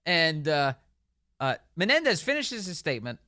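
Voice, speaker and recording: A man's voice: a little high, very animated, normal speed, sharp tone, no room sound, clean studio sound. A man hosting a talk radio show, delivering opinionated commentary in a sarcastic, mocking way and laughing often.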